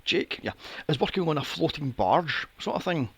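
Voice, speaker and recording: A man's voice: a little high, animated, moderate pace, fairly bright tone, slightly rough, dry recording. A man hosting a casual film review podcast, sarcastic and swearing freely. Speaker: podcast host.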